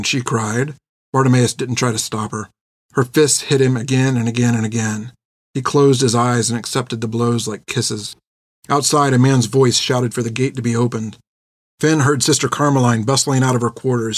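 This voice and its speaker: A man narrating an audiobook in a steady, measured reading. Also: medium pitch, no room sound, clean studio sound.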